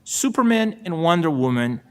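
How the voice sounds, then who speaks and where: A middle-aged man from El Salvador with a Salvadoran Spanish accent, giving a formal ceremonial acceptance speech as a new supreme court justice. He is measured and gracious, with dry self-deprecating humor. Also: on the high side, sing-song, a bit bright, slight background noise. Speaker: newly appointed state supreme court justice.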